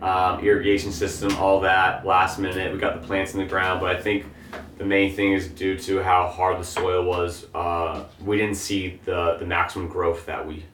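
A young man with a very deep voice talks in a relaxed, rambling way, dotting his speech with fillers. He is a guest describing his work as a grower. He sounds set back from the mic in an echoey room. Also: moderate pace, recorded from a distance, slight background noise. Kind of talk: casual interview chat.

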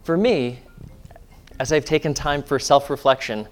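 A man, a pastor, giving a sermon in a church and leading a calm guided meditation in a soft, hushed voice. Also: medium pitch, measured pace, slight background noise. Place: church sanctuary.

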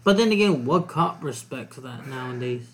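A man's voice: medium pitch, expressive, normal speed. A man co-hosting a casual podcast chat, cutting in with short, blunt and crude remarks. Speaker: podcast co-host.

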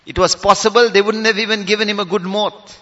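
A man delivers an impassioned sermon, his voice high and bright. He drops to a hush and then rises loud, and rattles off Arabic verses at speed. The sound carries a long hall reverb. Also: level tone, dull audio. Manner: impassioned, swings from hushed to loud; recites Arabic verses rapidly. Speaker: preacher.

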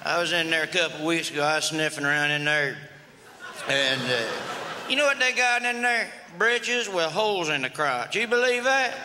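A man's voice: high-pitched, lively intonation, moderate pace. A man with a Southern US accent performing a stand-up comedy set in a folksy redneck drawl, often asking the crowd questions. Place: live comedy festival stage. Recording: reverberant live hall with noise.

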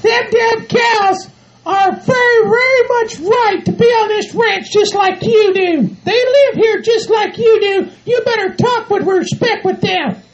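A man voicing a bossy rancher's wife in a comedy audio skit, shouting orders and scolding. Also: extremely high pitch, unhurried, pitched above the performer's own voice. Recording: dull lo-fi home recording, off-mic.

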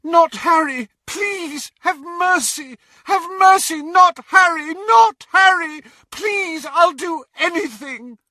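A man's voice: very high-pitched, takes it slowly, hardly any pauses, sharp tone, no room sound, studio quality, pitched above the performer's own voice, full character voice. A man voicing a desperate young mother who screams and begs for her child. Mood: frantic pleading. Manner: frantic screaming pleas.

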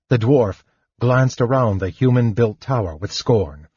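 A man reading an audiobook in steady scripted narration, on a muffled lo-fi recording. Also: mid-range voice, measured pace, breathy edge.

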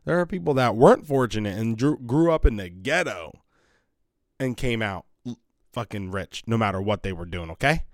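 In a dry, clean studio-sounding recording, a man with a lowish voice hosts a podcast from his home basement at a moderate pace. His casual monologue is rambling, blunt, animated, and full of swearing.

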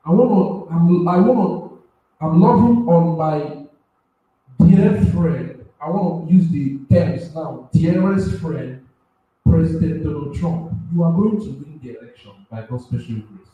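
A man preaching with strong emotion. He stumbles over words, restarts phrases, and his voice surges high and loud when he gets worked up. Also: a little slow, narrow, tinny audio. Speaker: self-styled prophet and preacher. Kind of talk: impassioned spontaneous preaching. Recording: very echoey room, voice far from the mic.

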